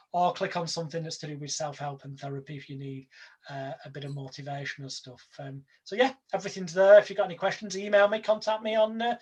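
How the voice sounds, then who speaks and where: Male guest, high voice, persuasive, emphatic. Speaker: hypnotist guest. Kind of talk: casual interview talk.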